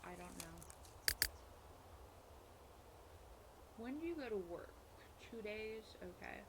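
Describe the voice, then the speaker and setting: A woman's voice: medium pitch, animated, measured pace. A woman casually commenting while playing a life-simulation game, rambling and correcting herself as she talks between bites. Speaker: gaming streamer. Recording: loud background noise from game and music.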